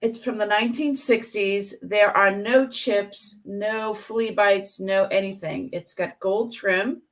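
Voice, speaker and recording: A woman reseller chatting on a live stream and describing her items in detail. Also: mid-range voice. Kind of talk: casual live-stream selling.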